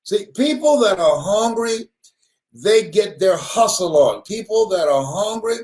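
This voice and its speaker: A man's voice: sits high, lively intonation, a little slow, darkish tone. A man giving a motivational sermon. He laughs often and repeats his words for emphasis. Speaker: motivational speaker.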